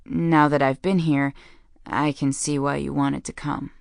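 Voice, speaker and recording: A woman's voice: low-pitched, level tone, unhurried, dry recording, studio quality. A woman voicing a guarded young adult man who speaks tersely with a growl. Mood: wary. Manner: gruff, terse.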